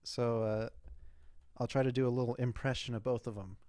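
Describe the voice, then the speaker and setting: A man's voice: medium pitch, steady tone, brisk, mellow, no room sound, clean studio sound. A young man hosting his own show, answering listener questions in a loose, rambling casual chat with plenty of fillers and swearing.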